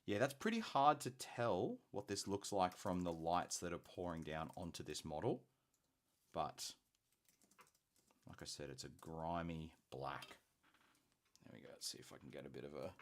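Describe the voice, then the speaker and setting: A man's voice: low-pitched, animated, measured pace, pauses often. An Australian man hosting a hobby painting live stream, chatty and rambling as he thinks aloud. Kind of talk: casual live-stream chat.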